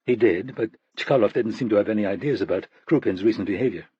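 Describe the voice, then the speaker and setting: A man voicing a composed woman CIA director, speaking calmly and evenly in a husky voice. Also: lowish voice, no echo, lo-fi sound. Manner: calm, measured.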